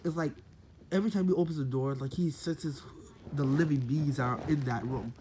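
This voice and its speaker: A man's voice: a little high, normal speed, noisy background. A man casually retelling a made-up story, rambling with lots of fillers and self-corrections.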